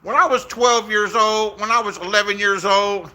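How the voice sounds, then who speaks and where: A man's voice: high-pitched, steady tone, normal speed, pushed and bright. A man in his sixties from Inglewood, telling rambling, profane stories in a casual vlog and acting out the voices he quotes, recorded outdoors. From Inglewood, Los Angeles, USA. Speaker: YouTuber.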